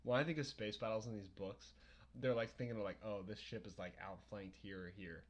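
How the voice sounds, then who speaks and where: Low-voiced man rambling through a book chat. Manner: rambling, profane, quick to laugh. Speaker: podcast co-host. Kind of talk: casual book-discussion chat.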